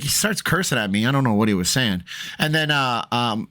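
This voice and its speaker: A man vlogger telling a story in a rambling, chatty way, full of fillers, shifting between low asides and raised, animated bursts. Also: brisk. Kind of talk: storytelling vlog.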